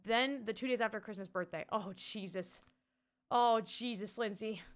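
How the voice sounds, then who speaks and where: A young woman streamer in her twenties chatting casually with her viewers, swearing freely, laughing often and breaking into loud shouted bits. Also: medium pitch, normal speed. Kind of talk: casual live-stream chat.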